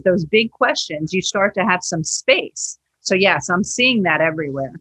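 A woman's voice: on the low side, animated, normal speed, few pauses, a bit bright, breathy edge. A woman who teaches yoga, a podcast guest telling earnest stories and acting out the dialogue in them. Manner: earnest storytelling, acts out quoted dialogue. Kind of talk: podcast interview.

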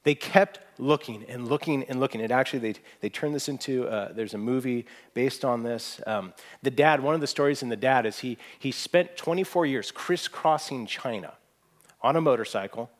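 A man preaching a sermon to a room, earnest and emphatic, climbing to strong peaks and dropping to soft, hushed asides. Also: medium pitch, normal speed. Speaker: pastor. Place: church hall with audience.

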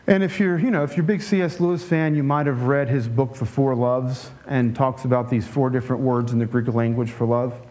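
A man preaching a conversational sermon in a relaxed way, with joking asides and frequent restarts. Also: mid-range voice, brisk, hardly any pauses. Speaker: pastor.

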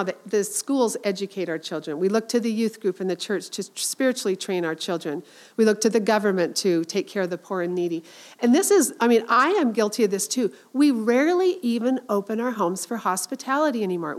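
A middle-aged woman giving an informal Christian talk to women, earnest and chatty, with many fillers and restarts. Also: a little high.

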